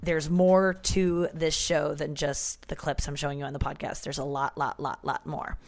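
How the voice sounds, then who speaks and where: A woman's voice: low voice, little pitch movement, moderate pace, gravelly. A woman comedian hosting a casual podcast, chatty and rambling with lots of fillers, recorded on the go in the back room of a hair salon. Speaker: comedian and radio host. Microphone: portable setup recorded on the go, not a studio.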